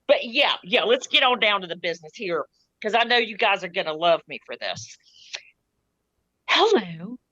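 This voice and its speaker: A woman's voice: medium pitch, very animated, moderate pace, pushed and bright, dry recording, lo-fi sound. A woman playing a tipsy, brash auditioner who rambles in a loose, drawling voice in an improv scene. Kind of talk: improv comedy character.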